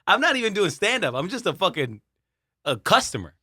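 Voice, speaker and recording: A man's voice: sits high, sing-song, a little fast, bright, forceful tone, husky, dry recording, clean studio sound. A man co-hosting a comedy podcast, telling rambling stories with lots of laughter and swearing. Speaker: podcast co-host. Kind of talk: casual comedy podcast chat.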